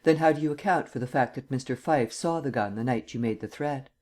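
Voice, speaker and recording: A man's voice: mid-range voice, a little fast, a little mellow, natural voice. A man reading a cold, formal prosecutor. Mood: cold, probing. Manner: level, cold questioning. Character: stern district attorney, cold and formal.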